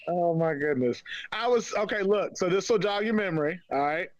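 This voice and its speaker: Easygoing male caller, high pitch, unhurried delivery. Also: no room sound, highs cut off. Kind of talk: casual phone-in chat.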